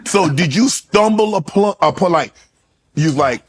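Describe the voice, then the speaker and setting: A man's voice: high-pitched, lively intonation, measured pace, husky. A man hosting a podcast interview, asking questions and giving short affirming replies. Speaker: podcast host.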